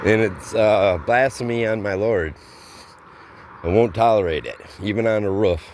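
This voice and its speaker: A man's voice: fairly low pitch, animated, a little mellow. A man telling a casual, rambling story from his roofing work, with plain everyday slang. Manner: slow, rambling delivery with plain spoken slang.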